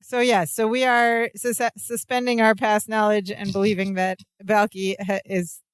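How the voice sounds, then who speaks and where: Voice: medium pitch, little pitch movement, normal speed, clear, resonant tone, no room sound. A podcast co-host narrating episode plots steadily in casual chat, adding dry asides.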